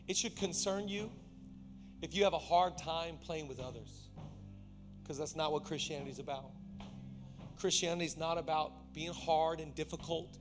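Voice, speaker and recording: A man in his thirties preaching a sermon to his church, swinging from shouted, energetic praise to quiet, intimate teaching. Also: on the high side, unhurried, pauses often, over music. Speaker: pastor. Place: large church auditorium.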